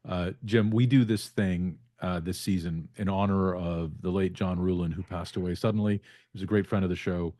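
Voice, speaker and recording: A man's voice: sits low, fairly even intonation, normal speed, dark tone, no echo, clean studio sound. A man hosting a podcast interview, casual and appreciative of his guest. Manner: upbeat, appreciative. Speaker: podcast host.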